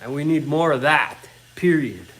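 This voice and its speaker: A man's voice: fairly high pitch, lively intonation, normal speed, a bit bright, rough recording. A middle-aged man in his own workshop, ranting bluntly and swearing constantly in casual talk. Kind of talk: casual rant.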